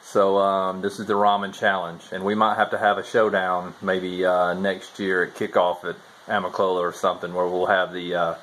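A man's voice: low voice, flat delivery, moderate pace, hardly any pauses, a bit bright, a little hiss or hum, low-quality recording. Laid-back man vlogging from the trail. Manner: laid-back Southern-style talk with "y'all". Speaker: thru-hiker vlogger. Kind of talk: casual vlog chat. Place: outdoors at a forest trail shelter.

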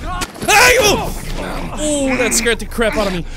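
A man's voice: extremely high pitch, fairly quick, crowd noise. A man commentating a horror game, jumpy and joking, screaming and swearing at every scare. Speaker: gamer. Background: game music.

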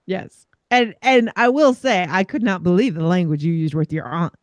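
A man hosting a podcast, reflecting thoughtfully in a relaxed chat. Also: high-pitched, normal speed, no room sound. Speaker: podcast host. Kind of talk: casual chat.

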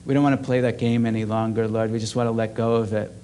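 A man's voice: on the low side, little pitch movement, quick pace, warm tone, a little hiss or hum. Earnest male pastor preaching. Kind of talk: sermon. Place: church service.

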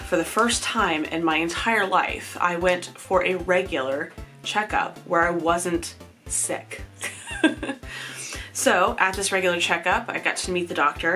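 Chatty woman in her thirties, low voice. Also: a little slow, fairly bright tone, faint music behind. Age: 30s. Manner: chatty, candid, laughs at herself. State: tired. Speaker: vlogger. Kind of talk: casual personal update.

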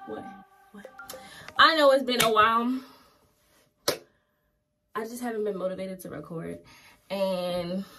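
A young adult woman talking casually to her vlog audience about her plans for the day, loose and chatty with plenty of "um" and "y'all". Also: mid-range voice. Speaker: vlogger. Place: at home, then out running errands. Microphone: phone or camera held close.

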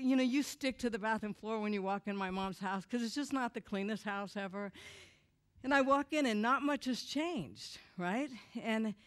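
A woman giving a candid personal testimony to an audience, swinging from loud outbursts to hushed, quiet lines. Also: on the high side. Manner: candid and self-mocking, with quick asides to the listeners. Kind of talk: emotional storytelling to an audience.

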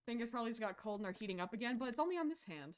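A woman streamer chatting through a horror game, swinging between shouted insults and quiet mumbling asides, rambling and joking with her chat. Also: fairly high pitch, lively intonation, racing.

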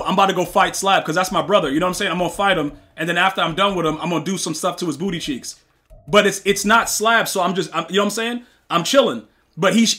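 A male game streamer with a high, bright, forceful voice, talking loose and slangy straight to his chat and circling back over his points. Faint music plays under him. His talk often flares into heated, animated outbursts. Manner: slangy, repetitive, addresses chat directly; heated and animated, bursts to near-shouting. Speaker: gaming streamer.

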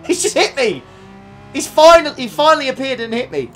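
A young man streaming a racing game, reacting excitably with frequent laughs and quick apologies while talking to his chat. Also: extremely high pitch. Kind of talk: live racing game commentary. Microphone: desktop USB condenser mic.

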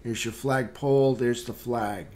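A man hosting a live trading room, calmly talking through market charts with casual fillers. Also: mid-range voice. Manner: unhurried, plain chart commentary with fillers. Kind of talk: live market recap walkthrough.

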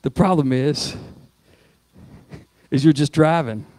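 A man preaching a sermon as pastor, swinging from loud rising exhortation to quiet spoken prayer. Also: on the high side, slow pace, no echo. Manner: preaching with rising shouts, then hushed prayer. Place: church sanctuary.

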